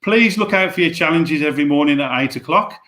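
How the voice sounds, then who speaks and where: A man with a Black Country accent hosts a live stream over a video call. His voice is bright and forceful and sits a little high, and his announcements and thank-yous are friendly. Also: lively intonation, brisk. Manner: friendly, thanks people at length. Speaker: host.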